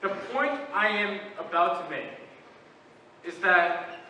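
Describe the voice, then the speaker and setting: A teenage young man acting a calm, persistent juror who reasons methodically in a school stage play. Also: high-pitched, takes it slowly, full character voice. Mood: reasoning. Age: late teens. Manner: methodical, reasoning aloud, some restarts. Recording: echoey hall from far off, light noise.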